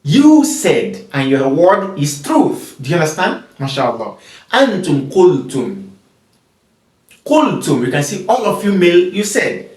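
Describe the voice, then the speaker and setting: A man's voice: a little high, very animated, unhurried, darkish tone. A man teaching an Arabic grammar lesson, reading example words, translating them, repeating them and checking whether his listeners understand. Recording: roomy echo, mic at a distance.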